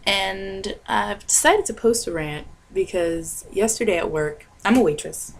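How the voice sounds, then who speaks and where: A woman's voice: mid-range voice, expressive, measured pace, vocal fry, a little hiss or hum. A young woman vlogger giving a casual, chatty rant to camera, laughing often and filling her talk with fillers.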